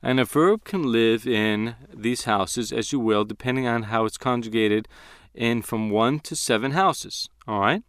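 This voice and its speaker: Deliberate, emphatic male Bible teacher. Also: mid-range voice, a bit bright, clear, resonant tone, dry recording, clean studio sound. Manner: deliberate, emphatic, slows to stress key words. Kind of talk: Hebrew Bible lesson.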